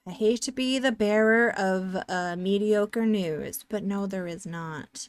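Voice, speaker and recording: A woman's voice: mid-range voice, measured pace, hardly any pauses, clean tone, no room sound. A woman streamer chatting casually while playing a game, rambling and sarcastic as she answers chat.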